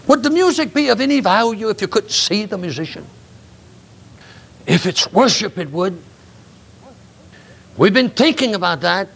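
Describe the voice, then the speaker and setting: An older man, a grandfather, preaching a sermon with emphatic rises in pitch. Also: sing-song, takes it slowly, gravelly, long pauses, a bit bright, breathy edge. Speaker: pastor.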